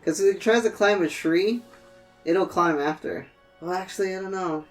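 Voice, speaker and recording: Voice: medium pitch, moderate pace. Podcast co-host, earnest arguing, casual chat, faint music. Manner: earnest arguing, swears when frustrated.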